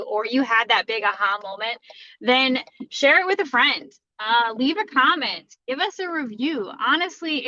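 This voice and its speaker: Woman host for the outro, upbeat and encouraging, higher bright voice, dry muffled sound. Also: no echo. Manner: upbeat and encouraging call to action. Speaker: podcast host giving the outro. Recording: dry, slightly dull lo-fi recording.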